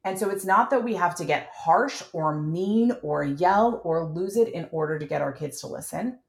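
Clear-spoken woman parenting coach, echoey room. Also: fairly low pitch, expressive. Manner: clear, instructive, measured. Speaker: parenting coach and podcast host. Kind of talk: coaching conversation.

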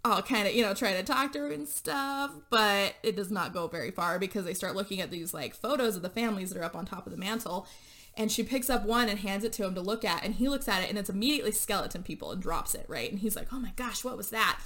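A woman's voice: medium pitch, fast talker, fairly bright tone. A woman co-hosting a podcast, recapping a movie plot in casual chat, rambling along with lots of fillers and laughing as she goes. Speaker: podcast co-host.

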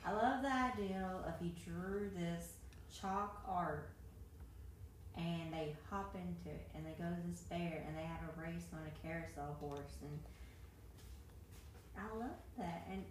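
A woman's voice: lowish voice, measured pace, recorded from a distance. A woman co-hosting a casual chat, giving dry comebacks. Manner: dry comebacks, fond of her list. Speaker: podcast co-host. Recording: very echoey room, off-mic, faint noise.

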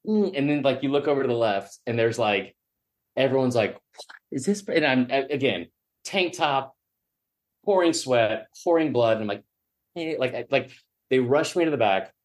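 A man's voice: mid-range voice, expressive, normal speed. A man sits in as a podcast guest and spins a long story. He rambles, restarts, swears freely and laughs at himself along the way. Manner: rambling, self-mocking, profane. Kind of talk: storytelling in casual chat.

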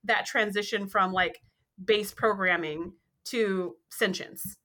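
A woman's voice: medium pitch, fairly even intonation, slow, bright, forceful tone. A woman guest on a podcast, enthusiastically recounting favorite scenes. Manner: enthusiastic, quotes scenes with playful voices. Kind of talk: casual chat.

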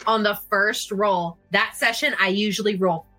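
A woman playing a tabletop game in casual chat, excitable, swearing and laughing a lot. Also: mid-range voice, normal speed, faint music behind. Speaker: player.

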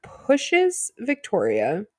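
A woman's voice: medium pitch, huge pitch swings, no room sound, clean studio sound. A woman co-hosting a podcast, chatting casually and adding her own take on the episode. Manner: chatty, quick to agree and add her take. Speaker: podcast co-host. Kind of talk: casual chat recapping a reality show.

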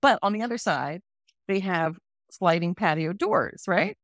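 A woman in her forties hosting a podcast, telling a story in a casual, animated way and laughing often. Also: on the low side, a little slow, vocal fry, no room sound, studio quality. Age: 40s. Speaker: podcast host.

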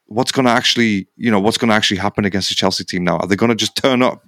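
A man's voice: on the low side, rapid-fire, a bit bright, no room sound, studio quality. A man co-hosting a casual sports podcast as an Arsenal fan, rambling and repeating himself with lots of fillers.

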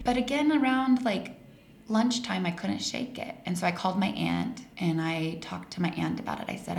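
Gravelly-voiced woman telling a story. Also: on the low side, normal speed. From Colorado. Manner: animated, laughs through stories. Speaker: guest. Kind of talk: casual storytelling interview. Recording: roomy echo, faint hiss.

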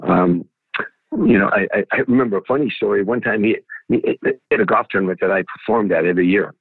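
A man's voice: fairly low pitch, fast talker, creaky, husky, dry recording. An older man, a veteran comedian, telling anecdotes in an interview, with many restarts and "you know"s. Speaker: guest comedian. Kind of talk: storytelling interview. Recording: phone-like, dry.

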